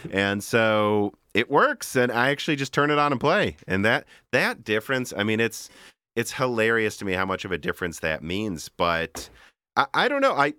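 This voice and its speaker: A man's voice: on the low side, normal speed, clear, resonant tone, no room sound, studio quality. A man co-hosting a podcast, chatting casually and rambling about gaming gear with frequent laughs. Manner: rambling, animated, laughs often. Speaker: podcast co-host. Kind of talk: casual tech chat.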